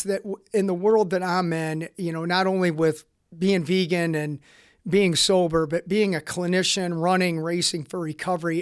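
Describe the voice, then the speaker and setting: A man hosts a podcast interview, earnest and considerate as he asks questions. His voice is notably high for a man, with a smooth, clear tone. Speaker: podcast host. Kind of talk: conversational interview.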